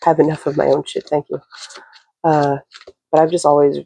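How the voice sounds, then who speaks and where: A woman's voice: deep voice, little pitch movement, fairly quick, vocal fry, mellow, breathy edge, rough recording. A woman giving a casual spoken reading to camera, rambling with lots of fillers and the odd swear word.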